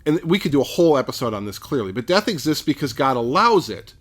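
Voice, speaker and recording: Man, podcast co-host, casual Bible talk, explanatory, measured. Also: medium pitch, sing-song.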